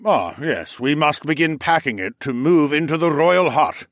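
Brief: male narrator playing a fat, scornful old dragon noble, snarling, lifted pitch, very animated. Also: moderate pace, dry recording, studio quality. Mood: smug. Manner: sneering, snarling. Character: older male dragon lord, fat, hateful and sneering.

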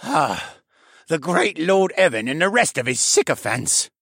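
A man voicing a battered male bird demi-human prisoner in an audiobook, bitter and desperate, with a husky voice and sneering, stammering delivery. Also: sits high, big pitch swings, moderate pace, fairly bright tone, dry recording, clean studio sound, voice pushed up, heavily acted. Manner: sneering, then pleading and stammering. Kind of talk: audiobook character voice.

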